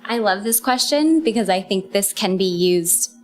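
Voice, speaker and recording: Female guest, mid-pitched voice, eager and articulate, conversational interview. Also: lively intonation, moderate pace, soft background music. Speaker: guest, game co-creator.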